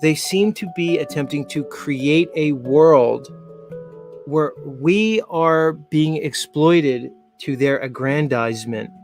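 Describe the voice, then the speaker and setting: A man's voice: fairly high pitch, slow, a little mellow, soft background music. A man in his forties hosting a casual live show, rambling with many fillers and frequent laughs. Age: 40s. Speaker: show host.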